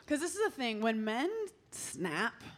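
A woman's voice: fairly high pitch, very animated, measured pace. A young woman doing a stand-up comedy set, brash and playful, laughing through her punchlines. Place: comedy stage before a live audience. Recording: loud live crowd and noise.

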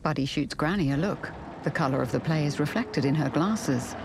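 A narrator giving calm, even audio description of a film. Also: medium pitch, moderate pace, noisy background. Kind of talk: scripted narration.

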